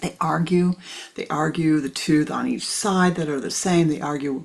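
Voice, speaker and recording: A woman spiritual teacher telling a parable in a slow, gentle storytelling manner. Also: sits low, creaky.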